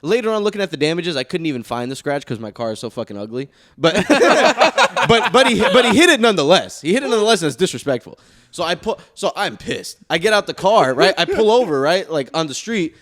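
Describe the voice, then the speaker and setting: Fast-talking animated young man telling a story. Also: high-pitched. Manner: animated, swearing, laughing while telling a story. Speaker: podcast co-host. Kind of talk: casual storytelling chat.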